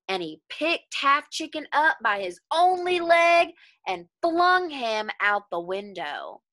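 A woman teacher reading a folktale aloud to young children, pausing to ask them questions about the story. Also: sits high, no echo. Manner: expressive, questioning the listeners.

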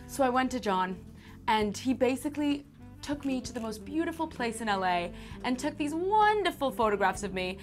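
A woman's voice: sits high, sing-song, moderate pace, faint music behind. A woman doing a playful, self-mocking promo plug.

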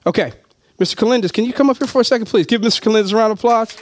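A man giving an energetic sales pitch to a live audience, calling out to the crowd and laughing often. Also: racing, noisy background. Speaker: motivational speaker at a business opportunity meeting. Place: meeting room with a live audience.

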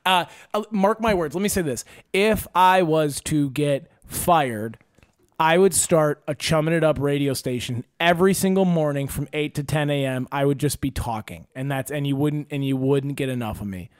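A podcast host rants through a casual chat, swearing freely and spinning animated stories at a normal speed. His voice runs a bit high for a man, and the sound is dry and close, with no room or echo around it.

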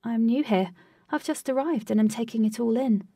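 A woman's voice: fairly high pitch, fairly quick, mellow, no echo, recorded from a distance. A woman voicing a bold, playful young woman in a storybook reading, speaking upbeat and teasing. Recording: dry, voice set back from mic.

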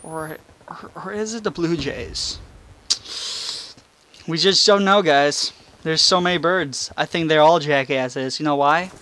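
A man's voice: on the high side, unhurried, pauses often, bright, forceful tone, slight background noise. A young man rambling and swearing through gameplay commentary at home, mocking himself as he goes. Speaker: gaming channel host. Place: room in his house. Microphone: face cam desk mic.

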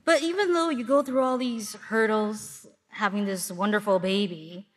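A woman from Milwaukee giving a sermon to a congregation, telling stories in a lively way and acting out what people say. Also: mid-range voice, moderate pace. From Milwaukee, Wisconsin. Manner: lively storytelling with acted-out asides. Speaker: congregation speaker.

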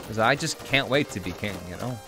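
A man streaming a video game live, joking and reacting excitedly as he chats with viewers. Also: lowish voice, a little fast, music in the background. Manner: excitable, jokey, breaks into song snatches. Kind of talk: live gameplay commentary.

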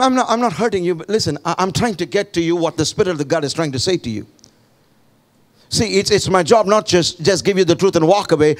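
Man, very high pitch, pastor, impassioned sermon, shouted call-and-response. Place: church.

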